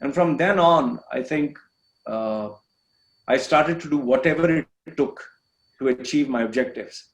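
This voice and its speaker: A man's voice: medium pitch, unhurried. A man from India, a podcast guest, telling his personal story with earnest, emphatic, repetitive phrasing. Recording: echoey room.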